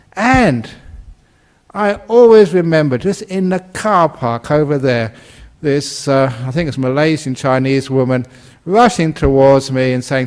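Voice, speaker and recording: A Buddhist monk from Britain, in his sixties, gives a dharma talk in a mid-range voice. He's an animated storyteller who voices his characters and laughs at his own jokes.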